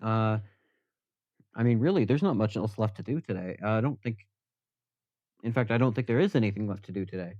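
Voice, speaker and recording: A man's voice: fairly low pitch, animated, a little fast, long pauses, no echo, lo-fi sound. Rambling man chatting on a live stream. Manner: rambling, self-deprecating, chatting with viewers. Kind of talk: casual live-stream chat.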